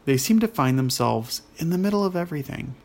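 A polite young princess from a storybook, read by a man. She speaks calmly with a gravelly texture in the voice. Her tone stays even and courteous. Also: on the high side, a little fast, pitched above the performer's own voice.

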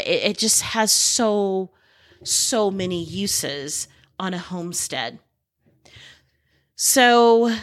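Middle-aged woman podcasting, slow talker, super dry close sound, excited and rambly with lots of restarts. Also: on the low side, dry recording. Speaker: podcast host. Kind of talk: casual podcast talk.

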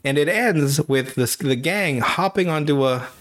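His voice runs on the high side and his pace is a little slow. As a podcast host in casual conversation, he laughs and curses his way through a cartoon recap, animatedly breaking into silly voices for the characters.

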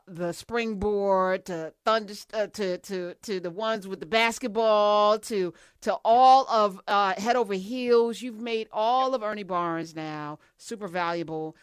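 A woman's voice: medium pitch, unhurried, smooth, no room sound, clean studio sound. A woman hosting an interview, asking questions in an enthusiastic, emphatic way. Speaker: host. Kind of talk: casual interview.

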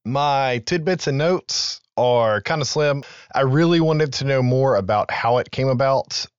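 A man's voice: medium pitch, measured pace, clear, resonant tone, dry recording, dull audio. Casual man recapping a movie on a podcast. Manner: conversational, recaps film trivia with loose asides and profanity. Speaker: podcast co-host.

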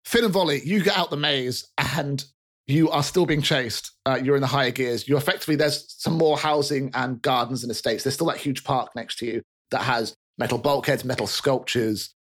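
A man narrating a tabletop game as game master, in a brisk, casual, descriptive way. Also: mid-range voice, a bit bright.

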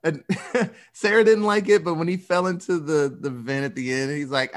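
A man's voice: high voice, unhurried. A man co-hosting a podcast in casual chat, rambling and acting out quotes. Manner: rambling, animated quoting. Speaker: podcast co-host.

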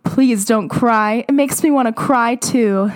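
A woman's voice: on the high side, measured pace, close to an everyday voice. A woman reading the lines of a homesick, gloomy young male pop star from a fan fiction.

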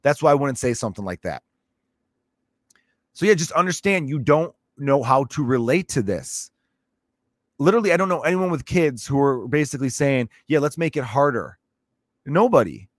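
A man's voice: mid-range voice, big pitch swings, moderate pace, dry recording, studio quality. A man, a parent, ranting in a sarcastic, profane, exasperated way as a comedic host. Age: adult parent. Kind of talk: comedic rant.

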